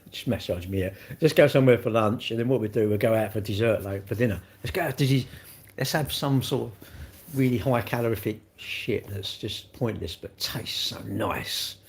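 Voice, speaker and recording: A man's voice: fairly low pitch, normal speed, creaky. An older man, chatting casually on a live stream, blunt and teasing as he answers comments. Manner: blunt, teasing banter with chat. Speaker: livestreamer.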